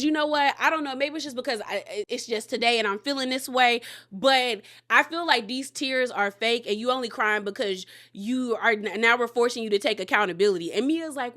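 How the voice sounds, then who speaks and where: A woman with a bright, slightly high voice gives a casual, gossipy recap. She is chatty and animated, slipping into the voices of the people she quotes. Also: moderate pace. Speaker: recap commentator.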